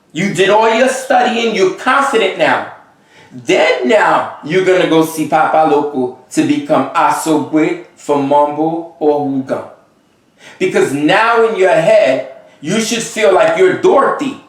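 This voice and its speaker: Emphatic high-voiced man in an echoey room. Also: lively intonation, slow pace, recorded from a distance. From Haiti. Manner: emphatic and exasperated, often checking in with "okay?" and "you see?". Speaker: Vodou priest giving advice. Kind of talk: unscripted advice monologue. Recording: very echoey room, voice away from the mic.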